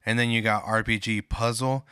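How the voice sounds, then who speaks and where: A man's voice: lowish voice, flat delivery, normal speed, bright, forceful tone, clean tone, dry recording, studio quality. A young man co-hosting a podcast in casual chat, rambling with many fillers. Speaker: podcast co-host.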